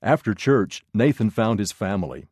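Lively low-voiced male storyteller. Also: moderate pace, dry recording, clean studio sound. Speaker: narrator. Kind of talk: storybook narration.

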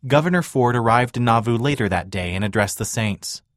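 A man narrating a scripted historical story in an even, measured way. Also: medium pitch, no echo, clean studio sound.

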